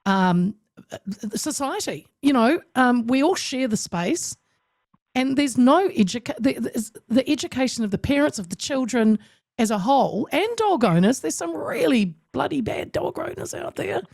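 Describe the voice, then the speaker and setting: A woman's voice: sits high, normal speed, vocal fry, no room sound, studio quality. Emphatic New woman host. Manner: emphatic, animated, with many restarts. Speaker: radio talk show host. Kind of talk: casual interview chat.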